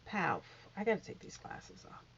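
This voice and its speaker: A woman's voice: on the low side, big pitch swings, moderate pace, creaky, a bit bright, a little hiss or hum. Sassy woman ranting in muffled lo-fi audio. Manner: sassy, repetitive, calls viewer honey and girl. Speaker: vlogger commenting on an interview. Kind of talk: casual commentary rant. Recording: muffled lo-fi sound.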